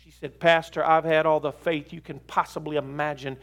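A man's voice: fairly high pitch, a little fast. A pastor preaching a sermon, telling stories and acting out the voices of people he has counseled. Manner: animated, acts out quoted voices. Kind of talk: sermon storytelling. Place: in South Florida.

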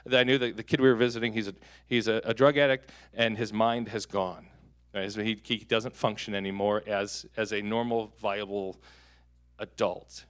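A male pastor in his thirties preaches a sermon in a church hall. He talks through stories, joking as he goes, and sometimes jumps into loud, animated bursts. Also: lowish voice. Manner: animated, joking storyteller with sudden loud peaks.

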